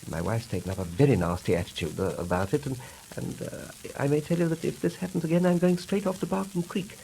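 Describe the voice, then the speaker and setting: A man's voice: on the high side, fast talker, creaky, warm tone, a little hiss or hum, voice pushed up, rough recording. A man voicing a mild-mannered, henpecked male lake monster who sounds genteel and put out. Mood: aggrieved. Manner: aggrieved, genteel, fussy.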